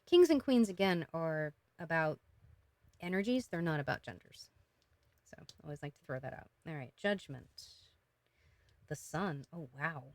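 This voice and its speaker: A woman giving a casual, emotional tarot reading, talking gently with many fillers and restarts. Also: low-pitched, expressive, moderate pace, pauses often, no room sound. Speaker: tarot reader.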